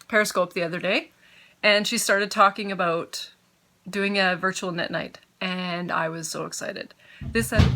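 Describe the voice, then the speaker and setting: Bright-voiced chatty woman at home. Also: medium pitch. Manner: chatty, grateful, easily sidetracked; talks with her mouth full. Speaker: knitting podcaster. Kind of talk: casual chat to camera.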